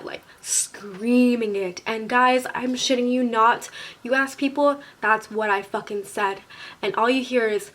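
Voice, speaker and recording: A young woman vlogger telling a casual storytime, animated and swearing freely as she acts out what people said. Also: a little high, measured pace.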